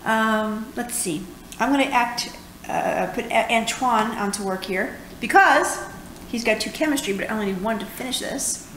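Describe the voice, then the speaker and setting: A woman's voice: a little high, moderate pace, a bit bright. Woman, from New York, game co-host, chatty, jokey, echoey room, faint background noise. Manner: explaining rules chattily, jokey. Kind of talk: casual board game playthrough.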